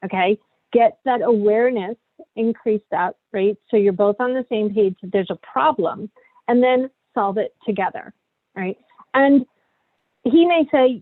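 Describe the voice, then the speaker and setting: A woman's voice: mid-range voice, lively intonation, a little slow, no echo, narrow, tinny audio. A middle-aged woman, a parenting coach, leading a workshop in a candid, coaching way, often checking in with "right?".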